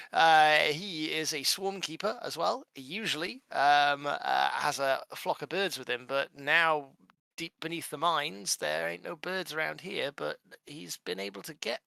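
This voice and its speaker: Gravelly-voiced easygoing man player. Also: a little high, sharp tone, no echo. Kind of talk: casual chat at a game table.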